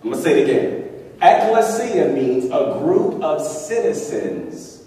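A man's voice: a little high, lively intonation, unhurried, mellow, distant mic. A male pastor preaching a sermon emphatically, calling on the congregation to answer back and acting out quotes. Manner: emphatic, call-and-response preaching with acted-out quotes. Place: church hall. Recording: echoey hall, mic from afar.

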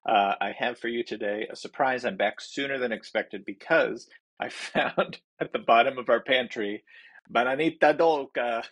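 A man's voice: medium pitch, moderate pace, fairly bright tone, slightly rough. A man hosting a casual home food review vlog from his basement, rambling and poking fun at himself with lots of fillers. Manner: rambling and self-deprecating, many fillers.

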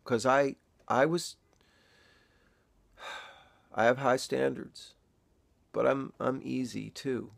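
A grieving father, older, speaking in a halting, reflective way in a personal video diary, close to tears. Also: medium pitch, steady tone, vocal fry, no echo. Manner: halting, reflective, pausing often. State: emotional, near tears.

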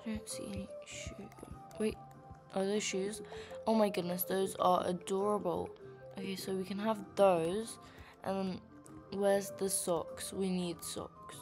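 A young woman chatting casually while she plays a dress-up game, with many fillers and quiet murmured asides. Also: medium pitch. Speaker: gaming vlogger. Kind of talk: casual gameplay commentary.

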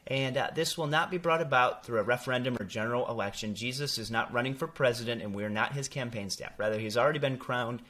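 A man in his young adult years talks through an article for his theology channel. His voice sits at an ordinary middle pitch, and he leans hard on key points, stumbling now and then with fillers and restarts. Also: fast, few pauses. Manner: animated, emphatic, with fillers and self-corrections. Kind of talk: casual commentary reading from an article.

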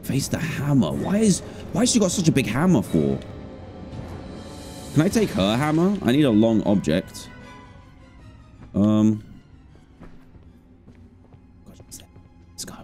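A man's voice: mid-range voice, wildly swooping pitch, normal speed, dark tone, soft background music. A man giving jokey, jumpy commentary while playing a horror game live. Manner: jokey, jumpy, talks to himself. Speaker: gaming streamer.

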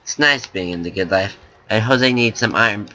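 Bright-voiced young man joking over gameplay. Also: fairly low pitch, normal speed, slight background noise. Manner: joking, excitable, rambling. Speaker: gaming channel host. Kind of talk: casual gameplay commentary.

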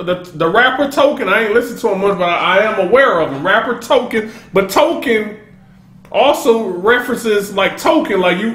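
An excitable man with a high, lively voice gives casual reaction commentary. He keeps cutting in to break things down and swings between laughter and sudden shouts. The sound is roomy and echoey. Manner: excitable, keeps interrupting with "hold up". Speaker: music reaction host.

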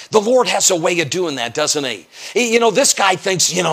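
A man's voice: high voice, sing-song, a little fast, creaky, hardly any pauses, breathy edge. An American man, an evangelist preaching an emphatic sermon in church, firing off rhetorical questions and acting out quotes. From United States. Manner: emphatic, rhetorical questions, acts out quotes, sometimes raises voice to a shout. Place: church, evening service.

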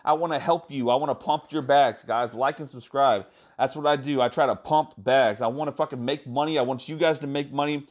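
A man talking fast and excitedly in a casual vlog, swearing a lot and calling his viewers "guys.". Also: mid-range voice. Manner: excited, profane, repeats "guys". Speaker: crypto YouTuber.

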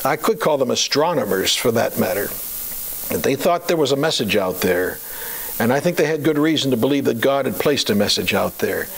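A man preaching a sermon, chatty and full of fillers and rhetorical questions, slowing down to a deliberate cadence for scripture readings. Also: mid-range voice, expressive, vocal fry, rough recording. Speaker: pastor.

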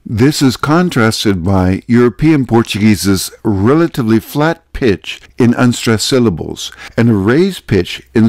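A man's voice: fairly low pitch, a little mellow, no echo. Dry-voiced male language narrator. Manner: explanatory, measured. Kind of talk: scripted narration.

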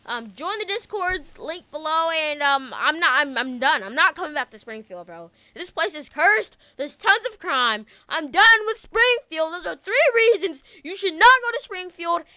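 A woman giving excitable, panicky gameplay commentary as the host of a gaming channel, laughing often. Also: very high-pitched, normal speed, hardly any pauses, no echo.

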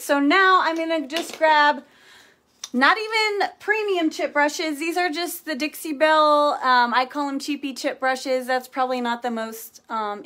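Woman, high voice, casual painting livestream, chatty, playful made-up words, keeps asking okay. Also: a bit bright. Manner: chatty, often checks in with "okay?". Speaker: furniture painting instructor. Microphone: phone or camera livestream.

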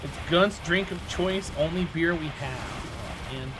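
A man's voice: a little high, measured pace, heavy background noise. A man streaming a game, chatting casually and teasing his viewers with jokes. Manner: joking, teasing chat banter.

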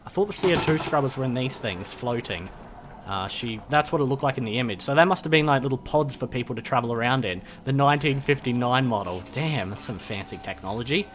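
A man's voice: medium pitch, animated, fast. A man giving chatty, jokey commentary while playing a game. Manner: chatty, jokey, nervous muttering. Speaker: gameplay commentator. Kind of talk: casual let's-play commentary.

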